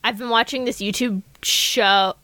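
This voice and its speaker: A woman's voice: fairly high pitch, steady tone, unhurried, sharp tone, no room sound. A woman co-hosting a podcast in casual chat, chatty and laughing often. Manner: chatty, laughs often, reads quotes in playful voices. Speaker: podcast co-host.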